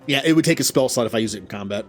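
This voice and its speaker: A man's voice: medium pitch, animated, racing, faint music behind. A man hosting a let's play, thinking aloud about his moves with chuckles and self-deprecating remarks. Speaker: gaming channel host.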